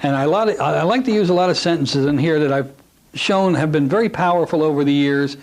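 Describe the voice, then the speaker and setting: This male hypnosis instructor talks on the high side and at a quick pace, recorded roughly. He teaches a class a technique in a folksy, conversational way, sprinkling in asides to the audience.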